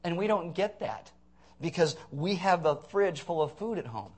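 A man's voice: a little high, expressive, moderate pace, darkish tone, husky. A man preaching a conversational sermon, earnest with blunt, sarcastic asides.

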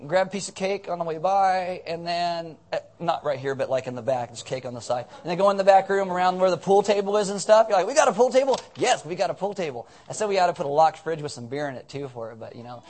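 Man, pastor, high voice, rambling, joking, casual sermon, drowsy on cold medicine. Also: fast talker, hardly any pauses, a little mellow. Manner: rambling, joking, self-mocking. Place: church service.

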